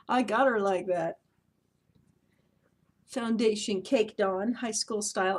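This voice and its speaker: A woman's voice: mid-range voice, slow pace, pauses often. A woman in her thirties talking casually to camera at home, chatty and self-mocking, often laughing. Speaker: beauty vlogger. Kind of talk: casual vlog chat.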